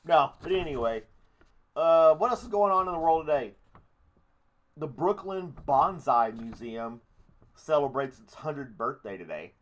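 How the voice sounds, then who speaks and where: A man's voice: a little high, animated, measured pace. A man hosting a casual live-stream podcast, rambling through offhand thoughts with jokey, crude asides. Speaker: podcast host.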